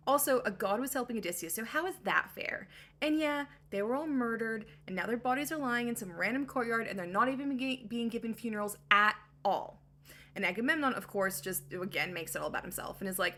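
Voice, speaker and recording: A woman recapping an ancient epic in casual, comedic style, tossing in sarcastic slang and snarky asides. Her voice is bright and forceful. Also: on the high side, fairly quick. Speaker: book recap host.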